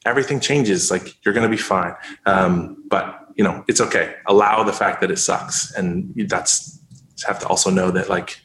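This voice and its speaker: A man's voice: sits low, moderate pace, a bit bright. Rambling encouraging man, roomy sound. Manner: loose, rambling, full of "like". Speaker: guest speaker. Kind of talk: casual interview talk.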